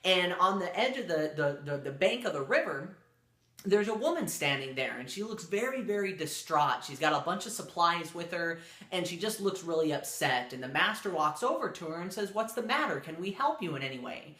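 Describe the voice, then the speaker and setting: Man, storyteller, bright tone, loose rambling delivery, echoey room. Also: a little high, expressive, moderate pace. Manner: loose and rambling, many fillers and restarts. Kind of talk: casual spoken storytelling.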